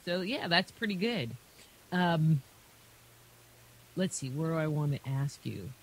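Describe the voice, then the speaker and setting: A woman's voice: deep voice, expressive, unhurried, breathy edge. A woman hosting a radio show, asking rambling, chatty questions of her guest. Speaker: radio host. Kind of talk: interview questions.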